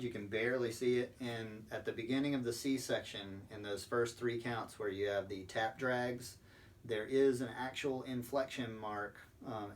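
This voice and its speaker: A man explaining drum rudiments step by step as a percussion instructor, patient and sprinkling in ums. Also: mid-range voice. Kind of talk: recorded instructional lesson. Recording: distant mic with faint background noise.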